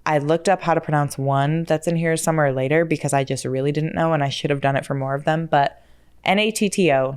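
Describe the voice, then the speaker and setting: A chatty woman hosting a solo podcast, her voice sitting low but coming through smooth and clear. She talks casually, trips over hard words and laughs at her own slips. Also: brisk, darkish tone. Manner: chatty and self-deprecating, stumbles over words and laughs at herself. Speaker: podcast host.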